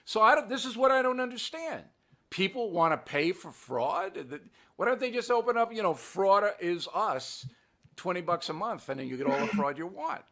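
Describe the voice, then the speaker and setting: A man's voice: high-pitched, sing-song, fairly quick, fairly bright tone. An older man hosting a political commentary show, blunt and emphatic, mocking what he dismisses. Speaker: host.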